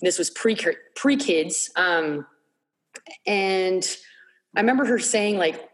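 A woman's voice: mid-range voice, lively intonation, takes it slowly. Woman, 30s, podcast guest, earnest and emotional storyteller. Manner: emotional, earnest, repeats herself when searching for words. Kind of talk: candid personal storytelling.

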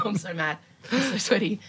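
An Australian woman co-hosting a podcast, telling a story in a lively way and acting out both sides of the conversation. She has a cold. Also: medium pitch, normal speed. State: sick with a cold. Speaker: podcast co-host. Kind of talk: casual chat.

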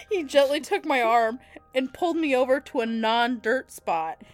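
A woman's voice: high voice, measured pace, soft background music. A young woman co-hosting a comedy podcast, reading fan fiction aloud and often breaking into laughter.

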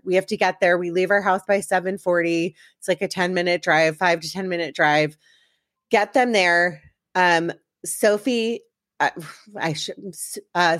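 A woman's voice: lowish voice, no room sound, clean studio sound. A woman hosting a podcast, chatting casually and rambling with restarts. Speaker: podcast host. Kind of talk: casual chat.

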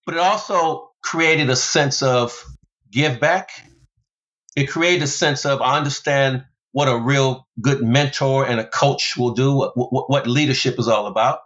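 American man, mid-pitched, animated storyteller, slightly muffled podcast sound. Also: a little slow. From United States. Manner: animated storyteller, big pitch jumps for emphasis. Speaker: guest, former pro basketballer and motivational speaker. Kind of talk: storytelling interview.

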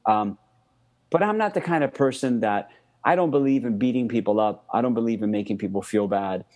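A man telling a friend's health story in casual storytelling, animated, with many fillers and repeated words. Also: medium pitch, brisk.

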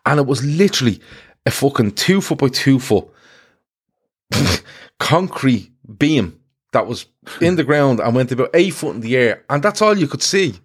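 Lad hosting a football podcast, sweary, doing mocking quotes. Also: male voice, medium pitch, normal speed. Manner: swearing, animated storytelling with mocked quotes. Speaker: podcast host. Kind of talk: casual football chat.

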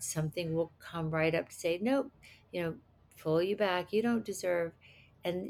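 Give me a middle-aged woman with a gravelly voice, chatting as an interview guest and restarting her sentences. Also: on the low side, darkish tone. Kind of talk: casual interview chat.

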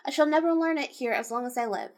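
A woman's voice: sits high, fast. A woman voicing a fearless, naive young man who cannot learn to shudder, sounding cheerful and unbothered. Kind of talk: storybook reading.

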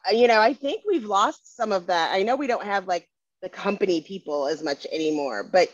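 A woman's voice: medium pitch, expressive, fairly quick, dry recording. Earnest woman, dry lo-fi sound. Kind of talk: casual conversation.

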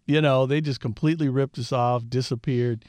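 Animated storytelling man, dry sound. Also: medium pitch, normal speed, no room sound. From Southern California. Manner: animated storyteller who acts out quoted dialogue. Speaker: guest. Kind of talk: storytelling interview.

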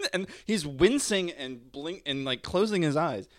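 A man co-hosting a comedy podcast, chatting loosely and laughing a lot as he retells clips. His pitch swings lively up and down. The sound is dry and close-miked. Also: a little slow, dry recording. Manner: laughs often, retells clips with crude mock voices. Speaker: podcast co-host. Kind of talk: casual comedic chat.

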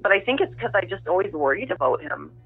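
A woman's voice: lowish voice, sing-song, vocal fry, slightly rough, no room sound. Woman recounting over a tinny phone line. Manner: halting, reflective storytelling. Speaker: interviewee, daughter of the subject. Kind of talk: recorded phone interview.

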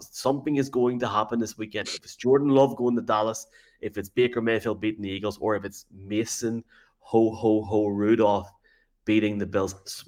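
Playful teasing male co-host. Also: medium pitch. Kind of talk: casual sports chat.

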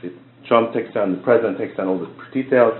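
A man, a rabbi teaching a class, telling a story in a lively, conversational way. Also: fairly low pitch, fast talker. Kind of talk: storytelling lecture. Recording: tinny phone-like sound in an echoey room.

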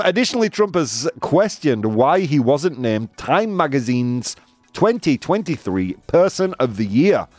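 A man's voice: mid-range voice, no room sound. A man hosting a casual news chat show, chatty and jokey, laughing often and making asides. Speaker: host.

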